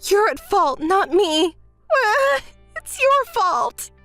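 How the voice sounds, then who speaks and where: A woman voicing a spoiled, entitled young woman in a texting story, whiny and quick to throw tantrums. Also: very high voice, sing-song, a bit bright, no echo, soft background music, voice pushed up, full character voice. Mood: whiny frantic.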